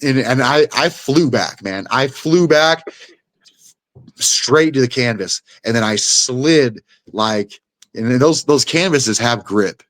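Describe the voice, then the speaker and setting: A man's voice: mid-range voice, animated, slow pace, a bit bright, no room sound. A young man, a guest fighter, telling a fight story in casual chat. He swears freely and acts out the blows with sound effects.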